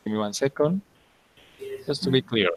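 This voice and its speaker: A male English teacher at a mid-range pitch, talking his students through a grammar point with patient, careful explanations. His voice is close and dry, with almost no room sound. He keeps stopping to check whether everyone is following. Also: animated, moderate pace, no echo. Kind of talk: online class instruction.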